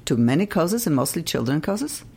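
Lively, effusive woman host. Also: deep voice, normal speed, creaky, slightly rough. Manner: chatty, laughing, effusive. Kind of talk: casual interview chat.

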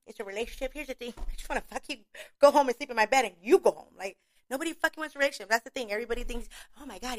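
A woman's voice: fairly high pitch, a bit bright. A young woman hosting a casual show, talking bluntly with lots of swearing and frequent laughs. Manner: blunt, profane, laughing often. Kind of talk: casual chat.

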